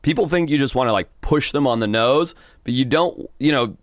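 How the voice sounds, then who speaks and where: A man spinning an animated, casual story on a podcast, cursing freely and laughing along. His voice sits in the middle of his range. It comes through a close mic in a dry, dead room. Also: mid-range voice, brisk, dry recording. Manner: animated, swears, laughs often. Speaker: podcast guest, wildlife TV presenter.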